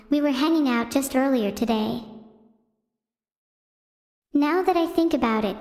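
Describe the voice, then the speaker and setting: A synthetic female voice doing deadpan stand-up comedy on a stream, chatting with viewers. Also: sits high. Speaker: AI streamer host. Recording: roomy reverberant sound.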